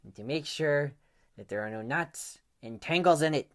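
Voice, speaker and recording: A man's voice: a little high, lively intonation, moderate pace, a bit bright. A man telling a children's story in a playful, theatrical way, a dad reading to his kids. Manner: playful, theatrical, drops to whispers.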